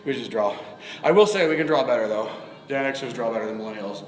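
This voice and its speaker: Recorded on a phone camera in a room full of long, echoing reverb, this man in his forties speaks at a medium pitch and a fast clip. He's a fitness vlogger live-streaming his workout, talking casually, dropping the occasional swear word and panting between sets.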